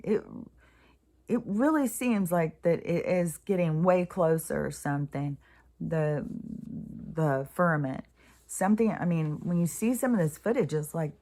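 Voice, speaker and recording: A woman talking through her spiritual thoughts in a casual, rambling way, full of pauses and restarts, sometimes dropping to a soft whisper. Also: on the low side. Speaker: spiritual vlogger.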